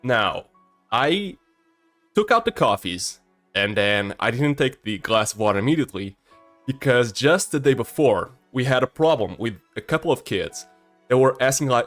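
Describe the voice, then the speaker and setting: A man's voice: medium pitch, moderate pace, soft background music. A man in his early twenties, a streamer casually telling a story, shy and prone to stammering. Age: early 20s. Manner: shy and stammering, with a swinging, lively delivery.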